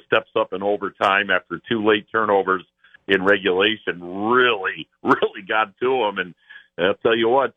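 Man, radio announcer guest, low voice, tinny phone-line sound, relaxed storytelling. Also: no echo. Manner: easygoing, storytelling analysis with chuckles. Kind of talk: phone-in sports radio interview.

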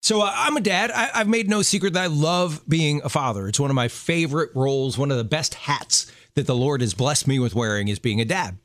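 A man's voice: on the high side, fairly quick, few pauses, a bit bright, no echo, clean studio sound. A man in his fifties hosting a radio show, talking in an earnest, friendly way. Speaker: radio host. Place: radio studio.

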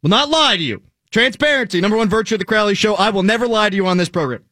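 High, lively, sarcastic young man. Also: racing, dry recording, clean studio sound. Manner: sarcastic, teasing, blunt. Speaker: show host. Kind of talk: casual banter on a podcast.

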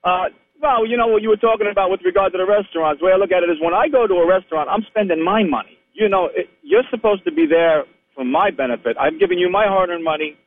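A man's voice: sits high, lively intonation, quick pace, no echo. A man with a New York accent calling in to a radio show, blunt and opinionated. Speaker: caller. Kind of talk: call-in radio chat. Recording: tinny phone line.

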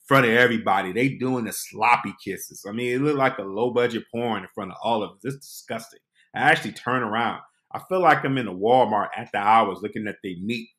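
A man hosting a podcast, telling a comic personal story with animated delivery, acting out voices. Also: fairly low pitch. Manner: animated, acts out voices and quotes. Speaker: podcast host.

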